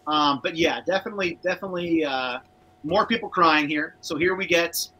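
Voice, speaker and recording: Bright, husky-voiced man chatting casually. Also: on the high side, brisk, low-quality recording. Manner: chatty, reads viewer comments aloud. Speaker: podcast co-host. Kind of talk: casual rewatch commentary.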